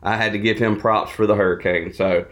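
A man's voice: fairly low pitch, fairly even intonation, brisk, fairly bright tone. Wry Southern man telling stories. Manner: wry storytelling, playful complaining. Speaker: podcast co-host. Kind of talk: casual chat.

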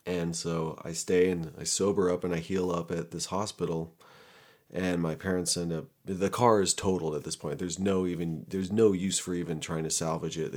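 A man's voice: deep voice, a little mellow. A young man casually telling a story from his own past, candid and profane, often laughing at himself.

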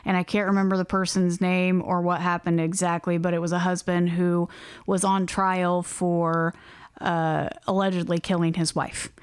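A woman co-hosting a podcast, chatting casually and telling a story with lively acted-out quotes. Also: fairly low pitch, normal speed, clear, resonant tone, dry recording. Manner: animated storyteller, acts out quotes. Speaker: podcast co-host. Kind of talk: casual chat.

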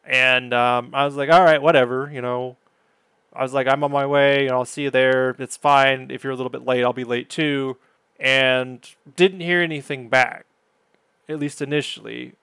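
A man's voice: mid-range voice, fairly even intonation, normal speed, fairly bright tone, clear, resonant tone, dry recording. A man hosting a podcast, telling a story in a casual, exasperated way. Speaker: podcast host.

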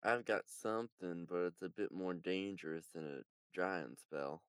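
A man in a tabletop game with a very deep voice and a smooth, clean tone. He talks in a relaxed, low-key way, and the recording sounds dry and close. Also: a little slow, no room sound. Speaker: player. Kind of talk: casual tabletop play.

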